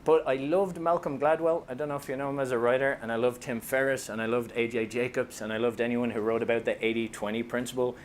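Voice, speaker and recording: A man's voice: medium pitch, flat delivery, fast talker, hardly any pauses, slight background noise. A man with an Irish accent giving a comic, self-deprecating talk as an author, telling stories to an audience. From Ireland. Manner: self-deprecating, joking storyteller.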